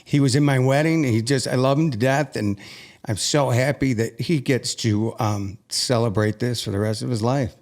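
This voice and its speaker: A man's voice: mid-range voice, normal speed, a little mellow. Earnest man telling a personal story. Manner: earnest and emotional, with frequent restarts. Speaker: podcast guest.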